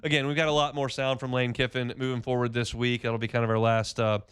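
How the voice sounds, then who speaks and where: A man's voice: medium pitch, flat delivery, fast talker, fairly bright tone, smooth, no room sound. A man hosting a sports radio show, talking casually with wry, self-mocking asides.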